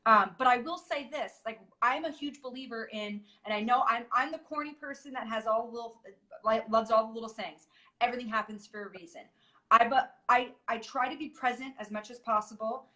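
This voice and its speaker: A woman speaks in a bright, slightly high voice, telling a difficult personal story as an interview guest. She talks candidly, stopping and restarting her sentences often. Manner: halting, many restarts and fillers.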